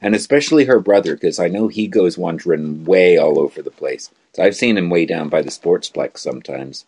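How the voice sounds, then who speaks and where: A man's voice: low voice, lively intonation, brisk, darkish tone, husky. A man co-hosting a casual live show from his bedroom, telling rambling stories in an easygoing way. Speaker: co-host.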